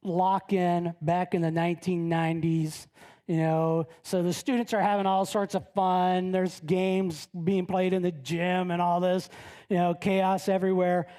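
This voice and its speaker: A woman's voice: level tone, a little slow, dark tone. A middle-aged woman pastor delivering a conversational sermon, telling stories with frequent tag questions and acting out the voices of the people in them. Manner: chatty storytelling, frequent "right?" tag questions; acts out quoted voices with big pitch jumps. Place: church sanctuary.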